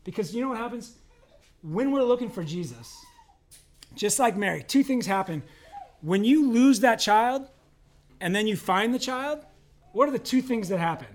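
A man's voice: high-pitched, expressive, normal speed, pauses often. A male pastor preaching a conversational sermon, asking the congregation questions and acting out quoted voices.

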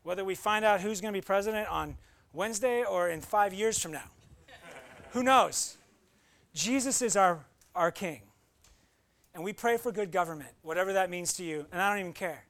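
Male pastor, high voice with gravel, earnest conversational preaching with emphatic bursts. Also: normal speed, fairly bright tone. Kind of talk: sermon.

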